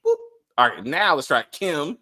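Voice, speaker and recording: Lively, stammering male review host. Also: a little high, normal speed. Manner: stammering, repeats himself, laughs often. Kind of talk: casual panel review chat. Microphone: video call.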